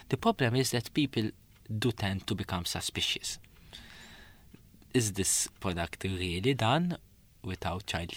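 A man with a very low voice explains things in a measured, steady way. He is a guest in a radio studio. The sound is dry and close. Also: no echo. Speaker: studio guest on fair trade.

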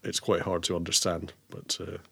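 A Scottish man, a guest in a casual interview, explaining things in a halting way with restarts. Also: deep voice, monotone, vocal fry, slightly rough. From Scotland.

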